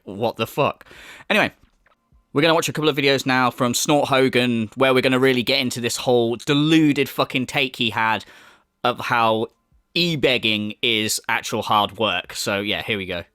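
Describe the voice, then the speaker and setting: A man rants through his commentary in a crude, mocking way, his fairly high voice leaping up and down. He laughs between jabs. The sound is close and dry with no room behind it. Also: a bit bright, no echo. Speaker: commentary YouTuber. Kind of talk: ranting commentary.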